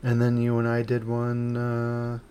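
A man's voice: medium pitch, monotone, unhurried, warm tone. A man hosting a podcast, chatting casually over drinks at home late at night, rambling and joking with casual swearing. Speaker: podcast host. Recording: home recording with clear background noise.

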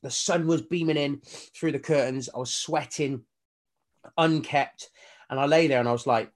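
A man, a fitness coach telling his story as a guest in a casual interview, animated and swearing casually as he acts out his own inner voices. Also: fairly high pitch, normal speed.

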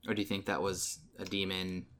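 Male podcast co-host, slightly low, bright tone, loose rambling recap delivery. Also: completely flat delivery, a little fast. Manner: rambling retelling with many ums and restarts. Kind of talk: casual movie recap chat.

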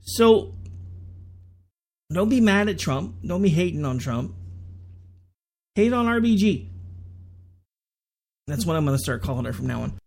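A man's voice: a little high, sing-song, measured pace, creaky, long pauses, darkish tone. A man hosting a podcast, ranting with sarcasm in political commentary. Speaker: podcast host.

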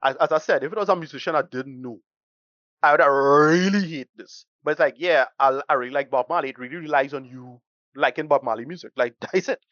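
A man's voice: on the high side, a little fast, fairly bright tone, no room sound, lo-fi sound. A man co-hosting a casual podcast film review, blunt and rambling, swearing freely as he delivers his verdict. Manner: blunt, rambling, swears freely, uses Caribbean-style English.

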